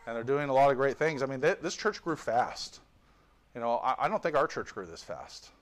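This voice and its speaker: A man's voice: mid-range voice, lively intonation, fairly quick. A man preaching a sermon with fervor, reading scripture and adding joking asides. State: tired. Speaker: visiting pastor.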